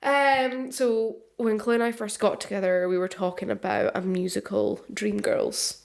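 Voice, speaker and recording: A woman's voice: mid-range voice, flat delivery, unhurried, gravelly. Chatty young woman telling stories. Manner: chatty storyteller, acts out quotes, laughs often. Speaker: podcast co-host. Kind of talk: casual chat.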